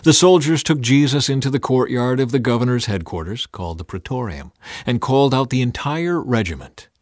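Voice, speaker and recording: A man reading the Bible aloud in a scripted, expressive and dramatic way. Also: mid-range voice, a little fast, no room sound, clean studio sound. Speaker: Bible reader.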